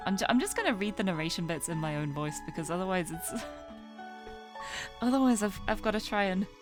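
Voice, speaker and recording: A woman streamer chatting casually as she reads through a game on a live stream, tossing in quick asides. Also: mid-range voice, lively intonation, music in the background.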